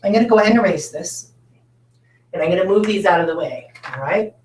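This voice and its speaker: A woman's voice: lowish voice, expressive, darkish tone. Encouraging woman teacher, echoey room. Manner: encouraging, drawn-out teacherly questions. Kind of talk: recorded classroom phonics lesson. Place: classroom with a whiteboard.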